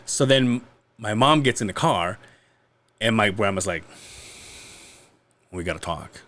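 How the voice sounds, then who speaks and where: A man's voice: on the low side, a little slow. Profane man telling a wild story. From Mexico. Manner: profane, animated, acts out quoted lines. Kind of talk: casual storytelling.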